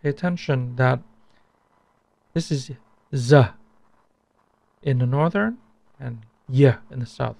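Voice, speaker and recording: Slow, gravelly-voiced man teaching pronunciation. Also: mid-range voice, a little mellow, no echo. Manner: slow, repeats sounds for comparison. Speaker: language teacher. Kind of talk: pronunciation lesson.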